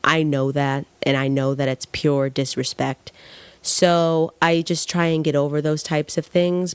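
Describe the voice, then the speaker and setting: A young woman with a low voice hosts a podcast, delivering a blunt, heated, casual monologue and swearing freely. The audio has no echo.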